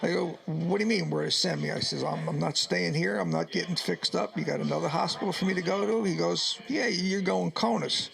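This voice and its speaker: A man's voice: fairly high pitch, quick pace, creaky, hardly any pauses, a bit bright. An older man from New York telling his wartime story in a radio interview, acting out the dialogue as he goes and choking up at times. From New York, United States. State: choked up at times. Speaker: Vietnam veteran guest.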